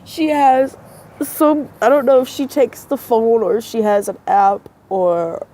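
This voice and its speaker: Her voice sits on the high side, warm, steady and slow. Outdoors near a road at dusk, with traffic faint in the distance, this woman vlogs into her phone, rambling hesitantly and casually to camera, her nose stuffy from crying.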